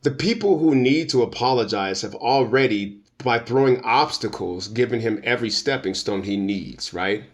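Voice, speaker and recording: A man's voice: medium pitch, lively intonation, normal speed, hardly any pauses. A man being interviewed as a guest, speaking emphatically and informally with a preacher-like, slangy cadence. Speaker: guest commentator. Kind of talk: opinionated interview talk.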